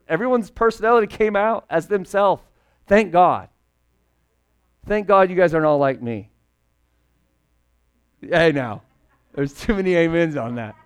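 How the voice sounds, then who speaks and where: A male pastor preaching a casual, humorous sermon in a conversational, animated way, joking with the congregation. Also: high voice, a little fast, clear, resonant tone.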